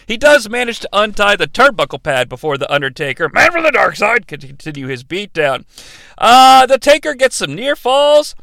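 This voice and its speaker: Sarcastic man with a gravelly voice. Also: sits high, sing-song, moderate pace, bright, forceful tone, no room sound. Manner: sarcastic, profane asides. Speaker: podcast host recapping a wrestling event. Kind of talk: comedic play-by-play recap.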